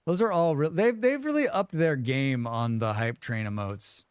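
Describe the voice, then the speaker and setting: A man's voice: medium pitch, moderate pace, clear, resonant tone, no echo, studio quality. A man livestreaming a game, chatting casually with viewers, humming and thanking them as he plays. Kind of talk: casual livestream chat while gaming.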